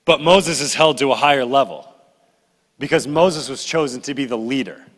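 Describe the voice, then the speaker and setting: A middle-aged man delivers a conversational sermon with a bright, ringing voice. He tells the story in an animated way, slipping into complaining voices. His words hang in the long reverb of a church hall. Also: medium pitch, normal speed. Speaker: pastor. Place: church sanctuary.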